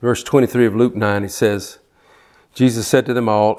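A man's voice: on the low side, fairly even intonation, normal speed, a little mellow. A man preaching a fervent sermon who pushes hard, stumbles and restarts, and drives his points home through repetition.

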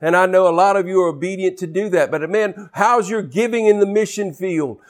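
A man's voice: sits high, brisk. Preacher man exhorting his congregation. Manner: exhorting, scripture-quoting, calls out to congregation. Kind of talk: sermon.

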